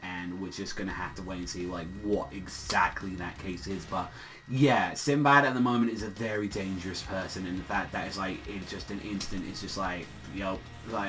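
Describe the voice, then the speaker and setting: A man's voice: deep voice, steady tone, normal speed, fairly bright tone, faint music behind, rough recording. A man casually reviewing a manga chapter, rambling with lots of fillers and plenty of swearing.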